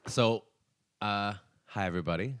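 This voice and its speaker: Young male podcast co-host, low voice, dry close mic, rambling and jokey. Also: moderate pace, fairly bright tone, clear, resonant tone, no room sound. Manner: laughs often, rambling and joking. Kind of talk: casual chat.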